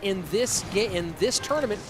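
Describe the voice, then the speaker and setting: A man casting a live esports match on his own, answering chat between excited play calls. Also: high-pitched, moderate pace. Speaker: esports caster. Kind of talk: solo live esports commentary with chat reading. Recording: loud music behind voice.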